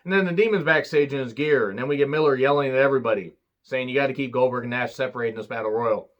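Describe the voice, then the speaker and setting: A man talking through a wrestling episode in a loose, sarcastic way, dropping curses and side jokes as he goes. His voice sits at an ordinary middle pitch for a man, plain and unforced. He sounds like a solo reviewer chatting to his audience. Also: quick pace, highs cut off. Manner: sarcastic, swears freely. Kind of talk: casual recap commentary.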